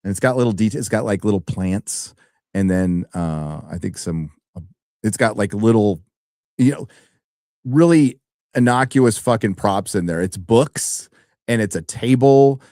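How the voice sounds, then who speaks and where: A man co-hosting a review stream, chatting casually and rambling with animated swearing. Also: lowish voice, a little slow, dry recording, studio quality. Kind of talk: casual chat.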